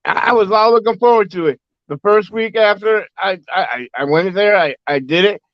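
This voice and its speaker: A man with a high voice tells a story in casual chat, halting and stammering as he restarts his sentences. The audio is dull and lo-fi, with a dry sound and no room echo.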